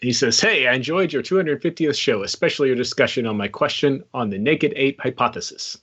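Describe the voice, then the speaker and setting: A man's voice: mid-range voice, a little fast, a bit bright. A man co-hosting a podcast, reading a listener email in a hesitant, wry, casual way. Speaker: podcast co-host. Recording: dull, lo-fi.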